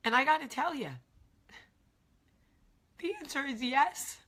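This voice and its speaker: A woman's voice: high-pitched, measured pace, long pauses, a bit bright. A forty-year-old woman hosting a confessional vlog, talking candidly and tearfully, repeating herself and dropping into whispers. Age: 40s. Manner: raw, candid, repetitive, with whispered asides. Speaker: vlog host. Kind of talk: emotional confessional vlog talk.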